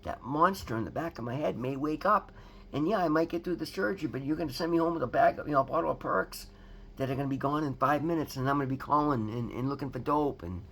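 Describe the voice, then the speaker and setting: Earnest gravelly man telling his recovery story. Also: on the high side, fast, a bit bright, slight background noise. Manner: earnest, repetitive restarts, addresses viewers as guys. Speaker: recovery vlogger. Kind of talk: candid personal testimony to camera. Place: at home.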